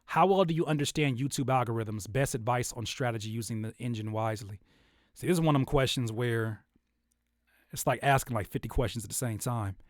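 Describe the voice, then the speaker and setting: A young man talking casually about making videos, animated and loose with plenty of restarts. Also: medium pitch, a little fast, no room sound, studio quality. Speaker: YouTuber and rapper giving creator advice. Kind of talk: casual livestream-style talk.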